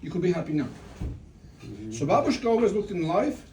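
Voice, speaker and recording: A Russian man gives an informal religious talk at a family gathering, a eulogy delivered as a family member, full of stories, restarts and rhetorical questions. His voice is high and somewhat dark, with lively intonation and a fairly quick pace. The mic sits at a distance, picking up faint room noise.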